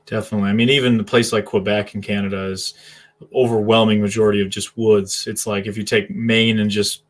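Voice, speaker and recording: A man's voice: lowish voice, level tone, brisk. A man from southern New Hampshire hosting a casual live stream, affable and agreeable, reading viewer comments aloud.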